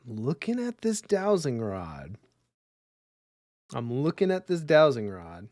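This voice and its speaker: A man's voice: mid-range voice, no echo, studio quality. Man muttering through a solo card game. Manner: mutters rules half to himself, chats with viewers. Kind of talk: casual live-stream commentary.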